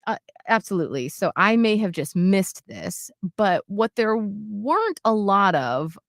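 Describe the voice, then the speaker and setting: A woman co-hosts a casual talk show and tells a personal story with animation, acting out the others in the story. Her voice sits at a medium pitch. The sound is dry and close. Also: unhurried, vocal fry, no echo. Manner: animated, acts out quotes with shifts in loudness. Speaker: podcast co-host.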